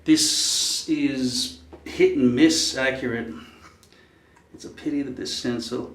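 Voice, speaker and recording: A man in his fifties rambling casually to camera, musing aloud and swearing freely. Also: medium pitch. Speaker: vlogger. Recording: echoey room.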